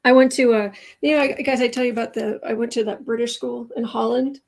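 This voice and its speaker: A woman's voice: a little high, fairly even intonation, fairly quick, vocal fry, a little mellow. A woman from the United States hosts a tarot livestream in a casual, chatty way, wandering off into stories. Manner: chatty, digressive storytelling. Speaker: tarot reader, livestream host.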